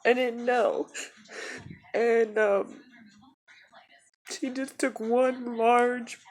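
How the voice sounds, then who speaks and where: A woman tearfully talking in a personal video journal, halting and soft-spoken. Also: fairly high pitch, little pitch movement. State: crying. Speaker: vlogger.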